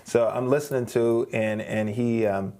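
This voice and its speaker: A man's voice: medium pitch, steady tone, unhurried, dark tone. A man, a guest singer, telling a long story in a studio interview, rambling, with many restarts and repeated words. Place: streaming studio.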